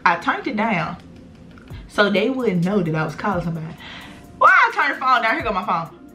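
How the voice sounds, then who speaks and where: A young woman vlogger spins a storytime for her followers, animated and slangy, cursing freely as she talks to them directly. Her voice sits at an ordinary middle pitch. Soft music plays faintly behind her. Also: a little fast. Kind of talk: storytime vlog.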